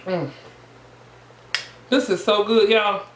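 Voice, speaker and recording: A woman's voice: mid-range voice, slow pace. A woman hosting a casual eating vlog, playful and sing-song, calling her viewers honey. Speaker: mukbang vlogger. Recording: echoey room, faint background noise.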